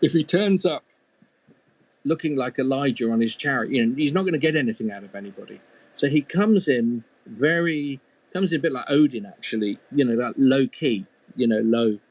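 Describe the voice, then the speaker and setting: A man's voice: mid-range voice, normal speed. Man telling a fairy tale aloud. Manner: conversational, lively asides to the listener. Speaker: storyteller. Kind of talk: oral storytelling.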